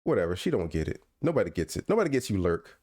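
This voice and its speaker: Lively, teasing male podcast host. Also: sits low, fast. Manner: playful, teasing, laughs often. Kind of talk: casual livestream chat. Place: at home.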